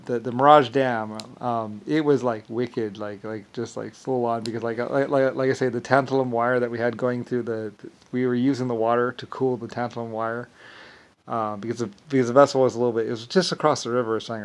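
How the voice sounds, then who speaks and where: Man with a gravelly, mid-pitched voice, rambling and halting through a loose monologue. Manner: halting, repetitive, many fillers and restarts; chuckles while telling stories.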